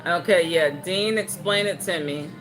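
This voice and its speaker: A woman's voice: lowish voice, unhurried, over music. A young woman, hosting a home livestream, reading viewer comments and joking around in casual chat. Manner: animated, joking, playful put-on voices. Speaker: livestream host.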